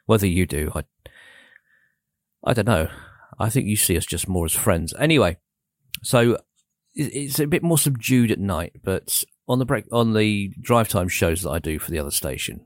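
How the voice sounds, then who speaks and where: A man's voice: low-pitched, expressive, moderate pace, no room sound, studio quality. Subdued self-mocking late-night DJ man. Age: 40s. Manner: self-deprecating, rambling, subdued. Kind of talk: laid-back radio presenting. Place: radio studio. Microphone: studio microphone.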